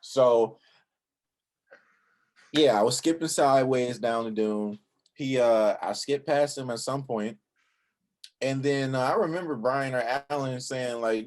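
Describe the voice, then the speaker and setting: A man's voice: medium pitch, moderate pace, darkish tone. A young man co-hosting a channel, telling a story in a casual, profane way and acting out his own thoughts in quotes. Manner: laid-back, profane, recounts with quoted inner thoughts. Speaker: channel co-host.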